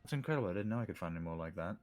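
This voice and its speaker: A man puts on a cocky male regular in a tabletop game, deep-voiced and teasing. He turns flustered and defensive when accused. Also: expressive, rapid-fire, darkish tone. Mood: amused.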